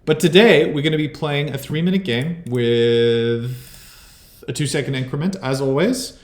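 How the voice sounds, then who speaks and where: A South African chess streamer chats casually and thinks aloud about his moves while playing his own game. His voice is medium-pitched and a little slow, in an echoey room.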